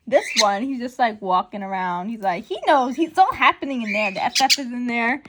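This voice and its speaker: Woman recapping comics, high lively voice, exclamatory, noisy hiss behind. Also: a little fast, few pauses. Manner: excitable, exclaims often, acts out characters' lines. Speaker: comic book recap host. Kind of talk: casual comic recap commentary.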